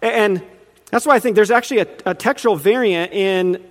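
In a hall with a long reverb, a man with a high voice preaches briskly. His teaching sermon is earnest, builds in emphasis, and includes questions put to his listeners.

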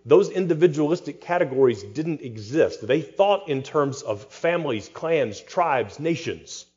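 A man's voice: fairly high pitch, lively intonation, a little slow, a little mellow, highs cut off. A man, a pastor, preaching an expository sermon with rhetorical questions and dry humor.

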